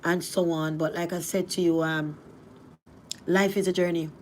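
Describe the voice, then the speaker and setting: A middle-aged woman from Jamaica with a Jamaican accent, telling her life story in a rambling, animated way. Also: normal speed, slight background noise. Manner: rambling, animated, rising to cries at high points. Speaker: vlogger. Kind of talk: emotional storytelling.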